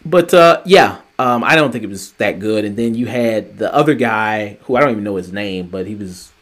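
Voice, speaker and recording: A man co-hosting a podcast, chatting casually about TV shows in a rambling, animated way, full of fillers, restarts and swearing. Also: on the low side, moderate pace. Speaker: podcast co-host. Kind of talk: casual review chat.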